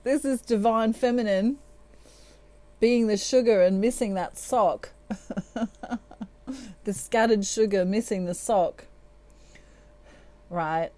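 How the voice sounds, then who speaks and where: A woman's voice: medium pitch, slow pace, pauses often, mellow. A middle-aged woman giving a tarot reading, laughing often and acting out quoted lines. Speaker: tarot reader.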